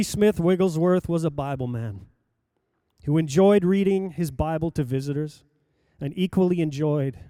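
An older man preaching, telling a personal story in a lively anecdotal way with acted-out quotes. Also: on the high side, smooth, no room sound, clean studio sound. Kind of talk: sermon storytelling.

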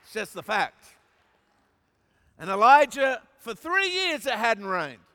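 High-voiced Australian preacher, echoing hall. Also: male voice, big pitch swings, takes it slowly, some chatter behind. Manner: emphatic, joking, rises to shouts. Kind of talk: sermon. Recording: long reverb of a large hall.

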